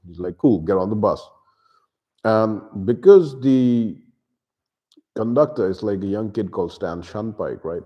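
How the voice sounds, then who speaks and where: A man's voice: lowish voice, dull audio. A man giving a casual book review, retelling the plot loosely with asides and acting out the characters' lines.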